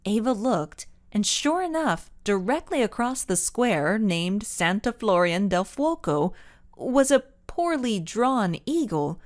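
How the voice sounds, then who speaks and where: Slow, expressive woman narrator. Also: mid-range voice. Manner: expressive, measured reading. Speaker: audiobook narrator. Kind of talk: scripted storybook narration.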